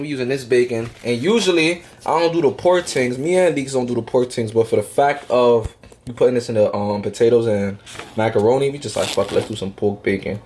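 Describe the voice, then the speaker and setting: A young man cooking in his home kitchen and talking to viewers, quick and slangy, often asking "you feel me". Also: mid-range voice, a little mellow, slight background noise. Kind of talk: casual cooking vlog.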